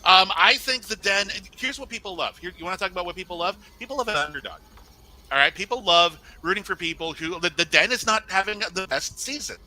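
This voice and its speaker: Bright-voiced young man debating fast. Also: high-pitched, rough recording. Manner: fast, animated, talks over others. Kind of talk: casual podcast debate.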